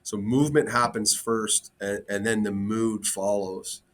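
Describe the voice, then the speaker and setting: Male coach guest, low voice, earnest casual chat, lots of "um"s. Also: steady tone, a little slow. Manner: earnest, open, many fillers. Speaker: hockey coach, podcast guest. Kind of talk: casual interview.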